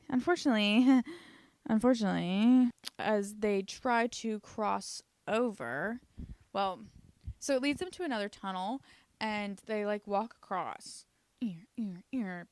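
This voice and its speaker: A woman recapping a TV series in a casual, comedic way. She swears freely, leans on "like" as filler and breaks into animated, louder stretches. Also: a little high, clear, resonant tone, no room sound. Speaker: YouTube recap host.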